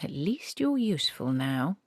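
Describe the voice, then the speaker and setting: A woman's voice: low-pitched, sing-song, measured pace, darkish tone, dry recording, studio quality, exaggerated voice. Granny Weatherwax, a woman voicing a cranky old witch. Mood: stern. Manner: indignant, clipped outbursts.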